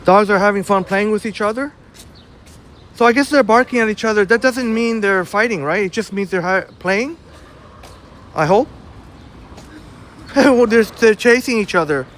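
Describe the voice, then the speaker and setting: A man's voice: sits high, normal speed, long pauses, fairly bright tone, slight background noise. A man hosting a casual live walking stream outdoors on a city street, chatting and greeting viewers by name. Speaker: livestream host reading viewer chat.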